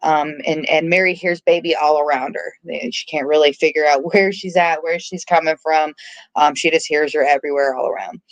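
A woman's voice: low-pitched, fairly even intonation, brisk, no room sound. Chatty, swearing woman podcast host. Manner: chatty, swearing, laughing often. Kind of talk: casual movie discussion. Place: at home.

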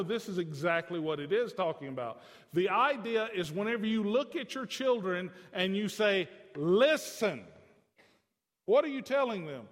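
Pastor, man, fairly high voice, chatty preaching style with asides to the pews, long hall reverb. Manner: conversational preaching, jokes with the congregation. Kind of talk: sermon.

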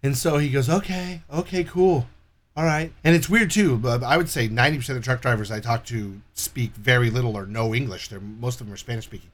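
A man telling a story in casual chat, animated and profane, acting out the people in it. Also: medium pitch, quick pace, few pauses. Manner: profane, animated retelling with quoted dialogue.

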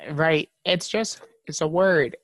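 A man's voice: on the high side, a little slow, no echo. A young man hosting a casual podcast chat, laid-back and swearing freely, often repeating words as he starts a sentence. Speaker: podcast host.

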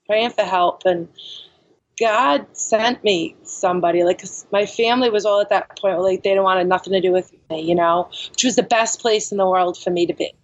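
A woman's voice: medium pitch, normal speed, muffled recording. A woman speaking as a podcast guest, telling her own story candidly and frankly, filling her speech with "like" and "you know.".

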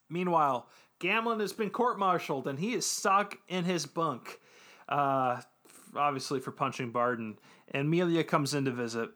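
A man with a higher, sharp-toned voice casually recaps an anime episode on a podcast. He's loose and joking, with plenty of ums and restarts in the chat.

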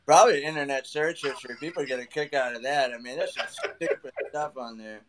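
A man's voice: medium pitch, a little fast, background noise. A man, a guest angler, telling casual stories in a laid-back, trash-talking way. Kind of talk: casual podcast chat.

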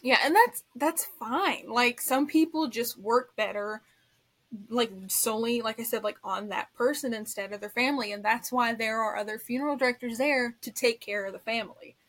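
A woman's voice: fairly high pitch, normal speed, a bit bright. A young woman co-hosting a podcast, backing up her friend in casual chat with frequent agreeing remarks. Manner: supportive, frequent "yeah" agreement. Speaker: podcast co-host.

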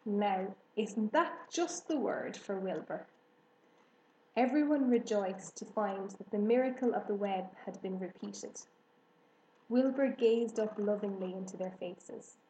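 Mellow-voiced woman reading a storybook. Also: medium pitch, roomy sound, slight background noise, rough recording. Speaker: audiobook narrator. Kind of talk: children's storybook narration.

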